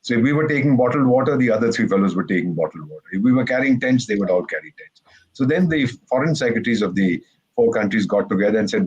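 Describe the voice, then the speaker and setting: A man's voice: on the low side, animated, fast talker, slightly rough, highs cut off. A man from India, a retired ambassador on a discussion panel, telling stories with sarcasm and acting out quoted remarks. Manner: wry, sarcastic storyteller who acts out quotes. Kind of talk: lively panel talk with jokes and quoted asides.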